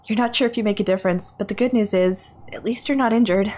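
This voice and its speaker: A woman reading a text game aloud on a livestream, excitable and nervous, laughing often and dropping into whispers. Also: medium pitch, quick pace. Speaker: streamer.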